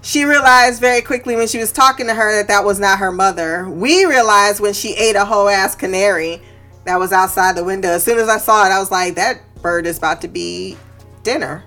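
A woman's voice: medium pitch, brisk, pushed and bright, soft background music. A woman hosting a podcast in a casual chat, recapping a TV episode. She laughs often, swears freely and goes off on tangents.

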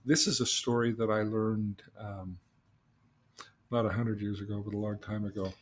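A man hosting a podcast, telling a long story in an animated way, often repeating words as he starts a thought. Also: fairly low pitch, moderate pace, slight background noise. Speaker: host.

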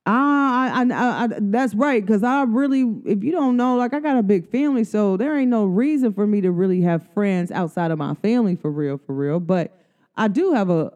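A woman with a mellow, warm tone and a smooth, clean voice talks through a casual podcast monologue. She is earnest and loose, full of slang and "like" fillers. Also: on the low side. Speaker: podcast host. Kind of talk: casual spiritual talk.

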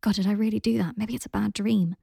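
A shy, earnest young man speaks softly, sometimes dropping to a whisper, as a woman reader gives his lines. The voice has a gravelly creak, and the recording is dry and close. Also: high voice, steady tone, fast, dry recording. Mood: embarrassed. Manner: soft, embarrassed, often whispered.

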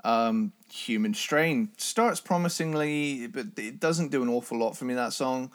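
A man co-hosting a casual music podcast, talking with enthusiasm in a hoarse voice. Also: medium pitch, measured pace. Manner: enthusiastic, imitates drum sounds. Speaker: podcast co-host.

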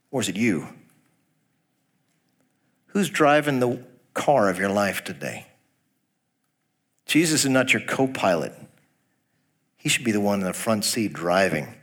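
Folksy pastor preaching a sermon. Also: male voice, medium pitch, expressive, unhurried, long pauses, fairly bright tone. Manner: asks the congregation direct questions; reads scripture aloud.

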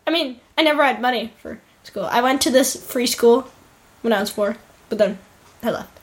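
A woman with a high, childlike voice interviewing on a playful podcast, teasing and deadpan. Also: moderate pace.

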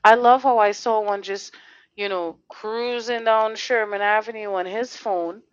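A woman's voice: medium pitch, steady tone, a little slow, clean tone, dry recording, lo-fi sound. Fiery, blunt woman podcast host. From Connecticut. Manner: fiery, blunt, profane, rhetorical questions. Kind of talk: heated casual podcast talk.

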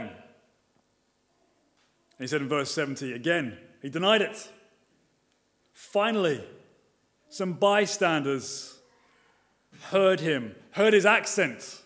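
A man preaching a sermon, moving between emphatic and quiet passages and asking rhetorical questions. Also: on the high side, lively intonation, a little slow, pauses often. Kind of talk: expository sermon.

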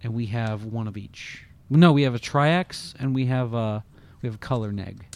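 A man's voice: medium pitch, moderate pace, a little mellow. Laid-back male podcast co-host. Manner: laid-back, short replies. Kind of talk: casual podcast chat.

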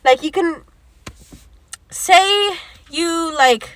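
A woman's voice: very high-pitched, drawn-out words, no room sound. A young woman, telling a story in casual chat, acting out quoted lines and swearing often. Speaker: podcast co-host.

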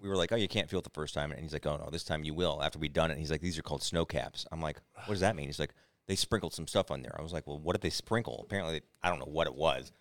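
A young man with a very low voice talks fast through a rambling story, quoting his friends as he goes. The sound is dry and close. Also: no room sound. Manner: rambling anecdotes with acted-out quotes. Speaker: podcast co-host. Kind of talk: casual storytelling.

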